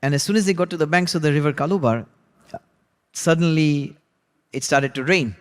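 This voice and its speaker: A man teaching a religious class, retelling a biography in a relaxed, conversational way with frequent asides. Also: a little high, a little fast, big-room sound. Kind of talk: storytelling lesson.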